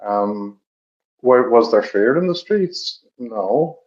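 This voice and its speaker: A middle-aged man from Dublin with an Irish accent, telling stories in a measured, reflective way with many pauses. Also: mid-range voice, expressive, a little mellow. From Ireland. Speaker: podcast co-host. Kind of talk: reflective storytelling chat. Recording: dull lo-fi recording.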